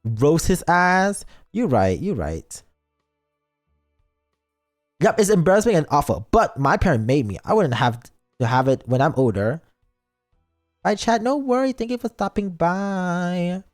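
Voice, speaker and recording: A man's voice: high voice, big pitch swings, measured pace, pauses often, soft background music. A man streaming as a VTuber, reading a story game aloud and breaking off for teasing asides to chat. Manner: playful, reads lines aloud and reacts with teasing asides.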